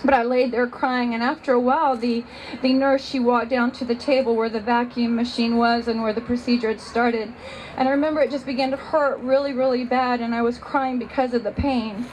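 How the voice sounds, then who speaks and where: A woman's voice: a little high, fairly even intonation, a little fast, a little mellow, a little hiss or hum, low-quality recording. A woman giving a personal testimony, telling her story earnestly and with emotion.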